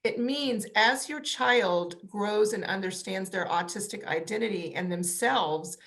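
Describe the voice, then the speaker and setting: A woman's voice: medium pitch, a little slow, a bit bright. A woman communication coach on a panel, giving advice emphatically and repeating key words for stress.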